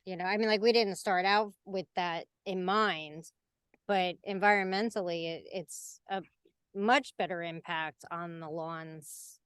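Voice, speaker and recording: A woman's voice: fairly low pitch, steady tone, measured pace, a bit bright, clean tone, dry recording, studio quality. A woman who co-owns a lawn renovation business, adding her own thoughtful points in a casual interview.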